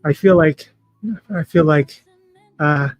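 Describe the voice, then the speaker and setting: A man hosting a livestream in casual chat, talking in an emotional, halting, heartfelt way. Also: fairly high pitch, fairly even intonation, dry recording, lo-fi sound, faint music behind. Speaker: livestream host.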